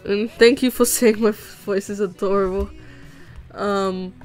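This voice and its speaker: Drawing on a livestream, a young woman casually answers her chat, bubbly and rambling with lots of giggles and fillers. Her mid-range voice is a little mellow, unhurried and fairly even in intonation, with soft background music.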